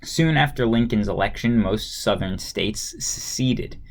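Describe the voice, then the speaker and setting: Low-voiced man reading a history textbook. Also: unhurried, vocal fry. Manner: plain steady read-aloud, occasional stumbles and restarts. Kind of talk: reading a textbook aloud with casual asides.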